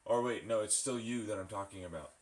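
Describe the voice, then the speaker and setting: A man's voice: lowish voice, a little fast, slight background noise. A man ranting to camera in a profane, mocking, sarcastic way while pulling an espresso shot. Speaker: vlogger. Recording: echoey room, far from the mic.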